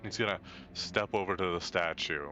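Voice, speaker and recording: Very deep-voiced man on a dull mic. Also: moderate pace, bright, forceful tone, soft background music. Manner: easygoing, describing his character's moves. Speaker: player. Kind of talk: casual tabletop play.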